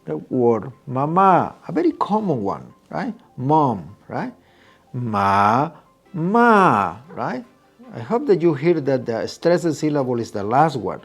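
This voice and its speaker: A man's voice: mid-range voice, sing-song, measured pace, creaky, darkish tone, breathy edge, faint music behind. A middle-aged man whose first language is Spanish, teaching a video lesson patiently and checking in with "right?" after nearly every point.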